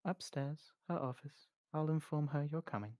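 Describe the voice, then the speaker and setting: A game master voicing a polite elf shop clerk who greets customers in a brisk, courteous way, in a tabletop role-play. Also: medium pitch, a little mellow, dry recording, studio quality, natural voice.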